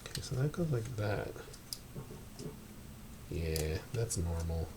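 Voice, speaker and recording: Man, low voice, muttering, puzzled tinkering, casual stream, webcam mic, faint background noise. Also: very animated, takes it slowly. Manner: mutters to himself, rambling and puzzled. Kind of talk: casual thinking aloud while repairing. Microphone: webcam microphone.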